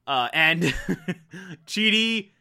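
A man's voice: a little high, expressive, very slow, pushed and bright, clean tone. A man recapping a TV episode in a casual way, often breaking into laughter and swearing freely. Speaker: TV episode reviewer.

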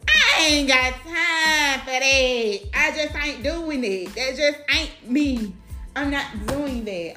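A woman speaks in a blunt, profane, animated monologue, her voice sitting a little high. The sound is roomy, with light echo around her and faint music underneath. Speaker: mother talking to camera. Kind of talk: casual monologue.

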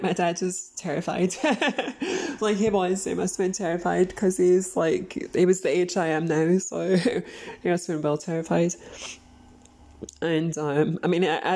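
A woman's voice: on the low side, warm tone. A woman hosting a podcast, telling a story casually, rambling with many fillers and laughing often. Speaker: podcast host.

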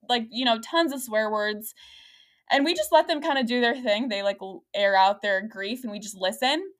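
A young adult woman hosting a podcast, telling a story in a lively, rambling way with lots of fillers and frequent laughter. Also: a little high, fairly quick. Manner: laughs often while talking. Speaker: podcast host. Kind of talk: casual podcast chat.

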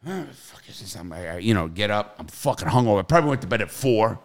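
A middle-aged man telling profane, animated stories in casual podcast chat, with loud bursts. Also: fairly low pitch, quick pace.

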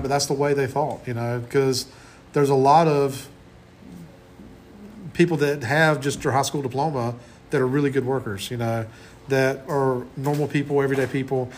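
A man's voice: medium pitch, fairly even intonation, moderate pace, slight background noise. A man in his forties giving a conversational classroom lecture as college instructor, often restarting his sentences. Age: 40s.

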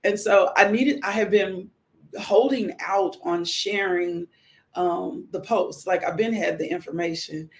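A middle-aged widowed mother hosts a casual live stream, her voice on the low side and her pace measured. She talks in a heartfelt, rambling way and tends to repeat herself.

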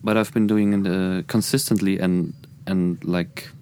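A man's voice: low voice, steady tone, measured pace, darkish tone, slight background noise. A man with a German accent, a musician guest talking earnestly and reflectively in a casual podcast chat. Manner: earnest, reflective, many restarts.

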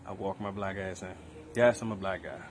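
A man's voice: low-pitched, fairly quick, slight background noise. A man in the military telling a story in casual chat, laid-back and drawn out. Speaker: military service member.

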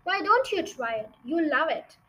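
A woman reading the lines of a calm, bookish little girl in a storybook, polite and earnest in her pleading. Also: high voice, normal speed, full character voice, low-quality recording. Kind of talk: audiobook character reading.

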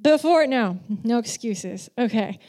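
Her voice sits slightly high and moves a little slowly as she preaches in a conversational way. As a church speaker from children's ministry, she's frank and self-mocking, lively, and acts out each quoted voice.

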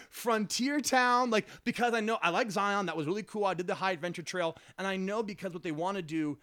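A man's voice: sits high, a little fast, few pauses, pushed and bright. A nineteen-year-old man from Los Angeles hosting a podcast, rambling and crude in casual banter, laughing through his sentences. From Los Angeles, USA. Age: teens. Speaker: podcast host.

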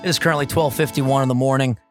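A young man co-hosting a casual podcast, hoarse from screaming, loud and swearing as he jokes around in a basement. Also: mid-range voice, fairly even intonation, faint music behind. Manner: loud, swearing, jokey, quick. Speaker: podcast co-host. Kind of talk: casual profane podcast banter. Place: basement at a kitchen table.

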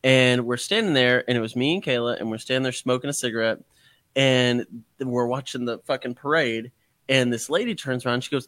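A man's voice: medium pitch, brisk, a bit bright, dry recording. A young man, co-hosting a podcast in casual chat, swearing freely, rambling and laughing often. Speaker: podcast co-host.

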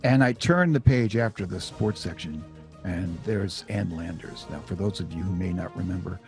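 A man's voice: sits low, normal speed, soft background music. A middle-aged man telling a personal story in a conversational, self-deprecating way, full of asides. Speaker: author and storyteller.

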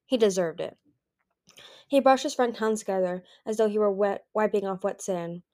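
A woman reading a chapter of a novel aloud in a steady storytelling way, with the odd restart. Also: medium pitch, brisk. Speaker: audiobook reader.

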